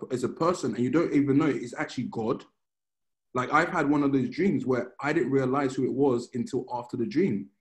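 A man's voice: mid-range voice, darkish tone, poor audio. A man giving a conversational sermon, telling stories and reading scripture in an informal manner that often restarts phrases. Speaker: preacher.

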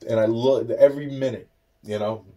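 A man's voice: medium pitch, steady tone, normal speed, warm tone, dull audio, slight background noise. A man ranting about his troubles in a loose, profane way, full of fillers and restarts. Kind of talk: rambling personal rant. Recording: voice a bit far from the mic.

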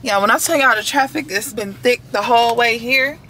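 A woman's voice: on the high side, brisk, faint music behind, low-quality recording. A young woman chatting casually to her vlog camera while driving in city traffic, sounding a little nervous and laughing between thoughts. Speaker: vlogger. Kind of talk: casual car vlog chat. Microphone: camera on a car tripod. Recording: loud road noise.

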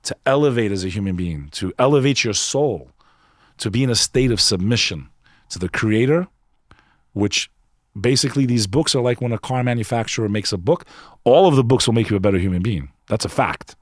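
Earnest low-voiced man telling his story. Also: expressive, fairly quick, no echo, clean studio sound. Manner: emphatic, earnest, peppers speech with "bro". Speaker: podcast guest. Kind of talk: candid conversational storytelling.

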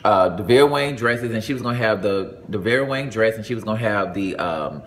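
A young adult man from Atlanta telling a personal story in a casual, animated way, jumping into high voices for the people he quotes. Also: brisk, a little hiss or hum.

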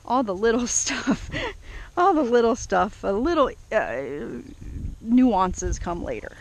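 A woman training her dog outdoors, switching between high, excited praise calls and calm, unhurried explanations with fillers. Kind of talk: casual training vlog.

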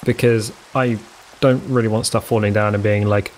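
A man's voice: on the low side, fairly even intonation, fast, slight background noise, poor audio. A man giving casual gameplay commentary, thinking aloud, counting blocks and making self-mocking asides. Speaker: let's play host.

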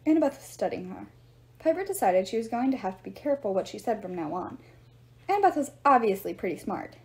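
A woman reading a novel aloud in steady storytelling narration. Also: mid-range voice, quick pace. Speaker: reader.

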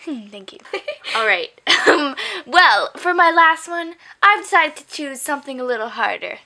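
A woman's voice: high-pitched, lively intonation, normal speed, bright, forceful tone, slight background noise. Giggly sarcastic young woman. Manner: giggly, sarcastic, laughs often. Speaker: guest sister. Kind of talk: casual chat.

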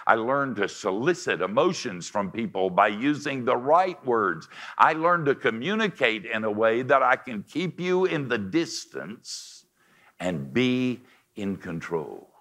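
An older man with a deep voice preaching a confessional sermon, swinging between forceful lines and hushed ones. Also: big pitch swings, measured pace.

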